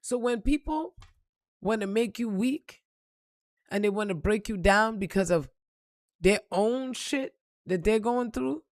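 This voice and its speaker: A woman gives a motivational monologue in a blunt, emphatic way, with plenty of cursing. She calls the listener "baby" as she talks straight at them. Her voice sits at a medium pitch and is recorded close and dry, with no room echo. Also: expressive, measured pace, pauses often. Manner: blunt, emphatic, swears freely. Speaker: spiritual reader.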